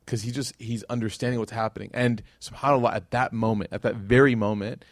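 A man, giving a religious lecture as a casual, animated storyteller who acts out quotes. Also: mid-range voice, brisk, no echo, studio quality.

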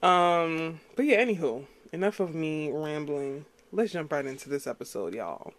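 A woman's voice: deep voice, expressive, normal speed. A woman from Queens, New York, hosting a casual solo podcast, rambling with lots of fillers and frequent laughs. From Queens, New York City. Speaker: podcast host.

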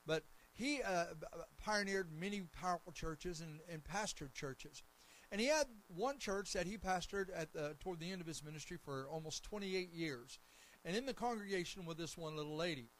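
A man preaching a sermon as pastor, building to loud, emphatic declarations. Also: high voice, expressive, normal speed, low-quality recording.

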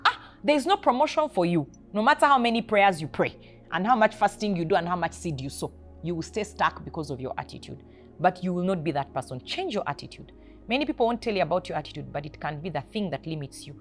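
A woman hosting a faith podcast, exhorting listeners with short, emphatic commands about attitude at work. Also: mid-range voice. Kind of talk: motivational faith talk.

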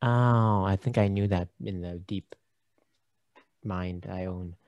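A man's voice: deep voice, fairly even intonation, slow, a little mellow, clean tone, dry recording, dull audio. A man co-hosting a film podcast in a casual chat. He is jokey and stumbles over his words. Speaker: podcast co-host. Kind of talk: casual movie discussion.

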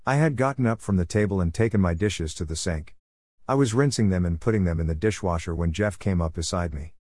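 A man reading a first-person story in a steady, even way. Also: low-pitched, fairly quick, dry recording, clean studio sound. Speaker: narrator.

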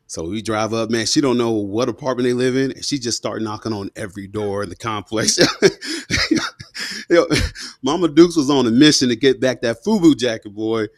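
A man in his thirties, a former police officer, telling a story as a guest in a casual, slangy and animated way. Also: on the low side, moderate pace, no echo, studio quality. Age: 30s. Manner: slangy and animated, full of asides.

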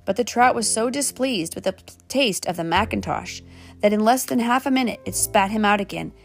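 A woman reading a children's storybook aloud, gently, turning now and then to talk to the children. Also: mid-range voice, vocal fry. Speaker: storybook reader.

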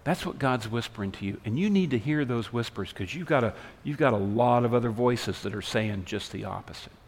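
A man preaching a sermon, his delivery swinging between loud emphatic lines and soft hushed ones. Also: mid-range voice, brisk, long reverb tail. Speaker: pastor.

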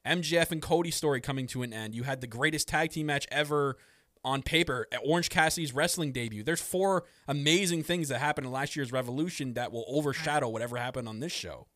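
A man hosts a casual podcast, his voice sitting at an ordinary middle pitch. He rambles excitedly and laughs often. The sound is dry and close. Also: fast, no echo. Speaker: podcast host. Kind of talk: casual wrestling podcast chat.

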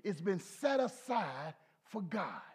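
High-voiced preacher, soft to shouting. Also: male voice, very animated, slow, slightly rough. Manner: swings from soft low asides to high shouts; folksy, talks to the congregation. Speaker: pastor. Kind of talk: sermon.

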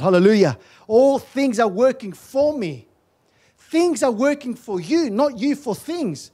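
A man's voice: very high-pitched, darkish tone. A man preaching a sermon as pastor in a church, fervently repeating phrases and calling out hallelujah and amen. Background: music playing.

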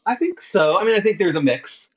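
A man's voice: high voice, sing-song, a little fast, husky. A man in casual podcast chat who hesitates and restarts often, thinking aloud. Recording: dull lo-fi sound.

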